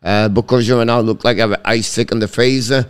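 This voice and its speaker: An excitable man calls hockey play-by-play on a live stream in a smooth voice. His calls come rapid and clipped, with his pitch jumping sharply on shots.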